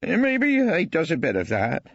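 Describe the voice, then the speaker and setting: Voiced by a male reader, an elderly rustic witness answers in short, reluctant country speech, his voice lifted high and a touch husky. It sits close in a dry, slightly dull studio recording. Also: wildly swooping pitch, measured pace, fairly bright tone, no echo, exaggerated voice. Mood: grudging. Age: over 60.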